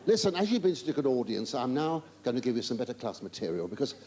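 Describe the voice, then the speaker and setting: A man's voice: mid-range voice, sing-song, fast, crowd noise. Flustered, teasing stand-up man. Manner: stammering, flustered asides and mock-indignant denials; chatty, teasing the audience. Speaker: stand-up comedian. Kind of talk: live stand-up routine. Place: large theatre stage before a live audience. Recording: live theatre recording with audience laughter and hiss.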